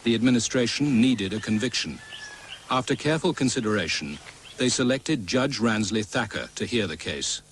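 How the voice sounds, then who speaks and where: A man narrating a historical documentary in a measured, formal way. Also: lowish voice, lively intonation, a bit bright, slight background noise, poor audio. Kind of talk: scripted narration.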